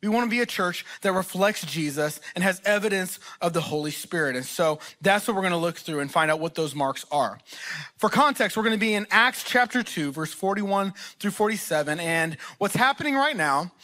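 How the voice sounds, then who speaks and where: A man preaching a sermon as a location pastor, his voice pitched high and bright. He tells self-deprecating stories in an animated way before turning to scripture. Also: fairly quick. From Texas. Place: church auditorium.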